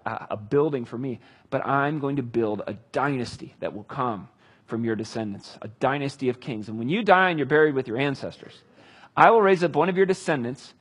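Husky man preaching with animated emphasis. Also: fairly high pitch. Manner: animated, conversational preaching with dramatic readings. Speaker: pastor. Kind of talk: sermon.

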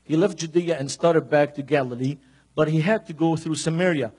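A man preaching a sermon, reading scripture and telling personal stories in an increasingly animated, emphatic way. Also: fairly high pitch, fairly quick, slightly rough. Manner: storytelling, grows more animated and emphatic.

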